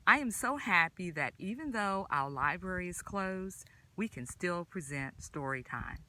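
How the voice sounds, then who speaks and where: A children's librarian reading a picture book aloud at story time, in an animated, exaggerated sing-song way and asking the kids questions. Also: female voice, lowish voice, measured pace, no echo, poor audio.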